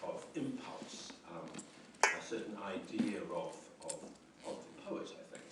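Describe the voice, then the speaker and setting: A man's voice: fairly low pitch, lively intonation, measured pace, heavy background noise. Hesitant male lecturer in an echoey hall. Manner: hesitant, many ums and restarts, reflective. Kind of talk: university lecture on poetry. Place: lecture room. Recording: roomy echoey lecture hall, mic at a distance.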